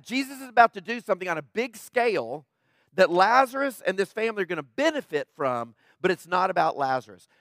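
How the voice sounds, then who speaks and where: A man's voice: sits high, a bit bright, dry recording. A man preaching a sermon in a conversational way, often checking in with the congregation with asides. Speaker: pastor.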